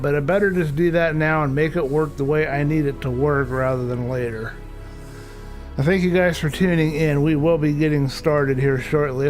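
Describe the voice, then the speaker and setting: A man chatting casually to viewers during a live game stream, talking to himself and grumbling mildly about technical glitches. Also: a little high. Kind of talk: casual live-stream chat while gaming.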